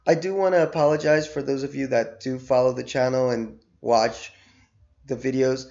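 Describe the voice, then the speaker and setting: A man's voice: medium pitch, moderate pace, gravelly, muffled recording. A man giving a casual, emphatic spoken review while losing his voice after being sick. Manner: animated, emphatic, repeats words for stress. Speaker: show reviewer.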